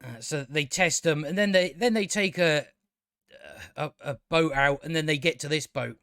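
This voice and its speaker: A man's voice: a little high, moderate pace, a bit bright, no echo, studio quality. A man giving a casual spoken TV review, ranting with exasperation, stumbling over restarts and swearing.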